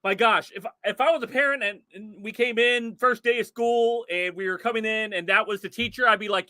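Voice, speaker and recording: A man's voice: sits high, fairly quick, hardly any pauses, bright, forceful tone, no room sound, clean studio sound. A man hosting a livestream, reacting to a clip in exclaiming, incredulous commentary with frequent laughter. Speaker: livestream host.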